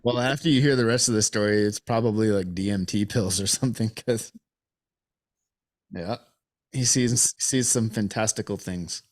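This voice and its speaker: A man's voice: lowish voice, moderate pace. A man co-hosting a casual podcast who narrates the case notes to his friends and often chuckles. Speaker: podcast co-host reading out the case.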